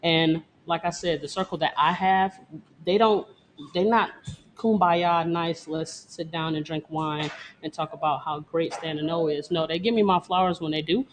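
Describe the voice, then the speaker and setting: Woman dancer, brash and profane, quick laughs, no-nonsense. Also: low-pitched, slight background noise. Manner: blunt, profane, boastful, laughs often. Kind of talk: casual interview talk. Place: Detroit.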